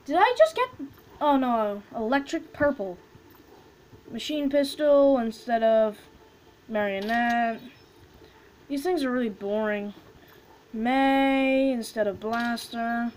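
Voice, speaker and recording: A woman casually commenting as she opens loot boxes in a video game, excitable and quick to chant names and squeal over items. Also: on the high side, a little hiss or hum, poor audio. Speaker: gaming video host.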